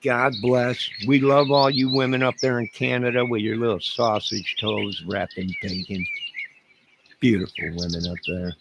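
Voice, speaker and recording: A man's voice: medium pitch, little pitch movement, normal speed, creaky. A man hosting a livestream, telling a rambling, jokey, folksy comedic rant outdoors. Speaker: livestream host. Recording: noisy outdoor audio with birdsong.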